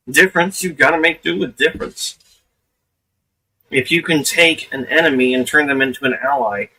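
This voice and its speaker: A man's voice: medium pitch, sharp tone, recorded from a distance, rough recording. A man giving casual, profane commentary on a live stream, laughing often.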